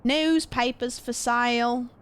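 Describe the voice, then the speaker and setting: A woman voicing a small British newspaper boy in a cap, with a put-on British accent, calling out in a drawn-out way. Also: a little high, fairly even intonation, clean tone. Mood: pleading.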